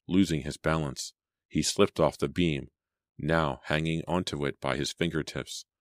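A man narrating a suspense audiobook in a measured, suspenseful way. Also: a bass voice, dry recording, studio quality. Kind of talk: dramatic audiobook reading.

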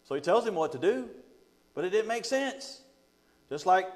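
A man's voice: high voice, very animated, normal speed, long pauses. A man teaching a Bible study as pastor, reading scripture aloud and retelling it in a folksy, joking way, often laughing between points. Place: church. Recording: long hall reverb.

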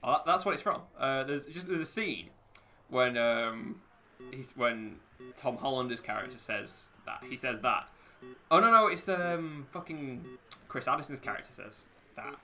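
A man's voice: medium pitch, moderate pace, bright, forceful tone, soft background music. A man playing a racing game, rambling, laughing often and swearing a lot. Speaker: gamer commentating his play. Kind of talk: casual gaming chat.

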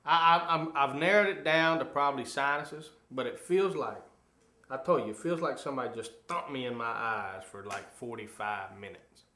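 A man co-hosting a casual talk show, animated and halting, often restarting his sentences. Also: mid-range voice. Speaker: co-host. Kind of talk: casual chat. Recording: echoey room.

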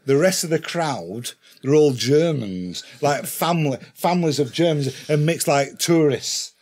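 A man's voice: fairly high pitch, a little slow. A man with an English accent, a podcast guest telling a rowdy story in casual chat, swearing and laughing as he goes. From England. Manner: profane, laughing, animated retelling.

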